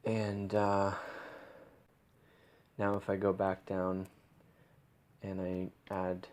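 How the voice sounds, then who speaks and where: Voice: deep voice, completely flat delivery, slow pace, pauses often, darkish tone. A young adult voice coach walking through a vocal technique demonstration, changing the voice from step to step. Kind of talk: instructional demonstration.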